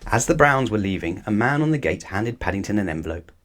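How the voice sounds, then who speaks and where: A man reading a children's storybook aloud with lively, expressive narration. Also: on the low side, fast talker. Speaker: storybook reader.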